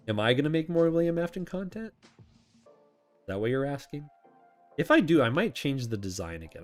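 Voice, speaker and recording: Male host, casual Q&A stream, low voice with lively swings, rambling and quick to laugh, faint music behind. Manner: chatty, rambling, self-correcting, laughs often. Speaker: channel host answering viewer questions. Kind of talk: casual live chat.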